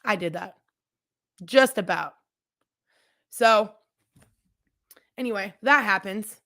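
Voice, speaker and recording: Speaking slowly in a medium-pitched, slightly bright voice, a woman hosts her own podcast and shares a personal story in a candid, chatty way. She talks straight to her listeners, often restarting sentences and wandering into asides.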